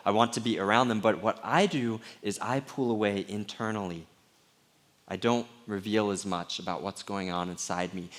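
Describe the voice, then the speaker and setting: A middle-aged man preaching a sermon as pastor, candid and conversational, sometimes dropping to a hushed voice. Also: lowish voice.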